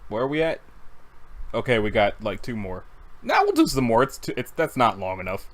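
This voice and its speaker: A giggly comic reader talking at a desktop mic, casual and rambling and often cutting themself off. Their pitch swings widely and stays animated, going from low asides to sudden high exclamations. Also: a little fast. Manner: giggly, rambling, self-interrupting. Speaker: webcomic reader. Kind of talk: casual comic read-along.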